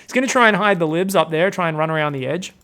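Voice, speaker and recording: A young man casting a strategy game live, playful and quick to laugh, often putting on mock voices for the players. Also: a little high, pushed and bright. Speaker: game caster. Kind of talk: excitable esports commentary.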